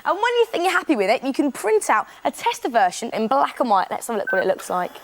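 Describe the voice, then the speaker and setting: Lively woman presenting crafts. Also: sits high, quick pace. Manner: chatty, enthusiastic, step-by-step explaining. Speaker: children's craft show presenter. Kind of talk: upbeat instructional presenting.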